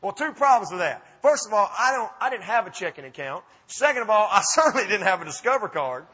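Man, 50s, Alabama accent, bright tense tone, long hall echo, lively self-mocking storytelling. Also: high voice, fast talker, breathy edge. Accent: Southern US, Alabama. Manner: folksy, animated, self-mocking. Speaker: speaker. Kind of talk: storytelling talk to an audience. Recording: dull recording with long hall reverb.

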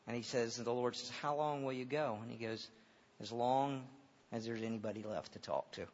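A middle-aged male pastor preaching a sermon in a church auditorium, moving from loud, impassioned preaching to hushed storytelling. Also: medium pitch, fairly even intonation, normal speed. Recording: dull reverberant hall sound.

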